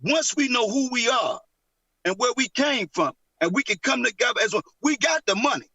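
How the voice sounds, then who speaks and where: A man in his fifties telling a barbershop story in casual chat, animated, with a husky voice. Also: very high voice, moderate pace, no echo, rough recording. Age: 50s. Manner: animated, laughing, acts out his son's voice.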